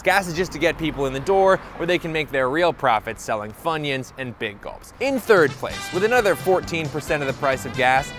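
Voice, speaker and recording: A young man hosts a comedic explainer, his voice jumping around with a lively, animated pitch. He is sarcastic and jokey, swearing now and then, and a faint bit of music sits under him. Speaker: host.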